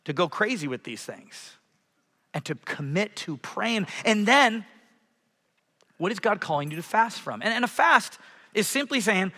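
A man preaching a sermon as a pastor in a church, animated, swinging from loud passages to hushed ones. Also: high voice, measured pace. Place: church sanctuary. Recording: hall reverb.

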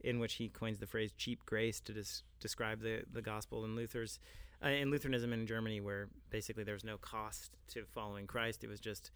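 A man's voice: fairly low pitch, little pitch movement, brisk, fairly bright tone, clear, resonant tone, no echo. A man in a casual podcast discussion, speaking in a scholarly way and leaning on fillers like "I mean" and "like".

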